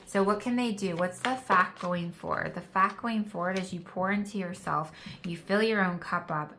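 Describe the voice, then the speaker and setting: Chatty woman with a lowish voice. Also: background noise. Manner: chatty and encouraging, many "like" fillers. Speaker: tarot card reader. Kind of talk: casual pick-a-card tarot reading. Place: indoor room with a candle. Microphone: phone camera.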